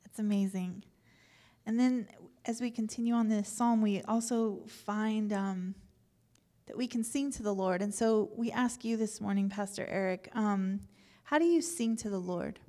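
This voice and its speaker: A woman pastor gently asking a fellow pastor a question during the sermon. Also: medium pitch, a little slow. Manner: gentle, hesitant prompting. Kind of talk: sermon dialogue.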